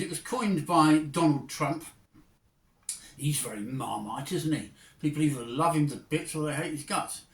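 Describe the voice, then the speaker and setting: A man's voice: fairly high pitch, fairly bright tone, far from the mic. Chatty man reviewing music, echoey room. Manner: chatty, digressive, enthusiastic. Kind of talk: casual spoken album review.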